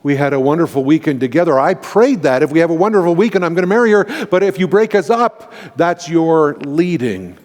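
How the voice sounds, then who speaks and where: Canadian pastor telling stories in a reverberant hall. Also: male voice, fairly high pitch, lively intonation, a little fast, hardly any pauses, a little mellow. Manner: earnest, emotional personal storytelling with frequent restarts. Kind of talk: storytelling sermon. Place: large church sanctuary.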